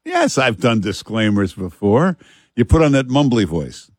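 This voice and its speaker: A man hosting a talk radio show, chatting in a relaxed, halting way with many fillers and reading live ads. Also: mid-range voice, slightly rough, no echo, clean studio sound. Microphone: studio microphone.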